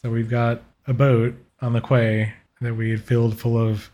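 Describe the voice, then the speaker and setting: A man playing a tabletop game, thinking out loud casually and swearing. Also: mid-range voice, completely flat delivery, normal speed, highs cut off. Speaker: player.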